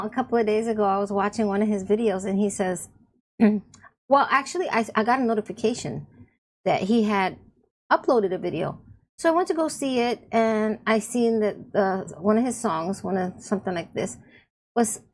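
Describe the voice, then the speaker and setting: A woman YouTuber chatting casually about online friends, laughing often and rambling with restarts. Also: medium pitch. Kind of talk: casual rambling chat to camera.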